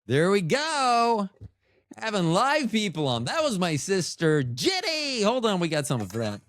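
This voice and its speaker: A man's voice: high voice, wildly swooping pitch, moderate pace, fairly bright tone, dry recording, studio quality. A man hosting a casual solo podcast, rambling and joking at his own expense. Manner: rambling, joking, self-mocking. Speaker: podcast host.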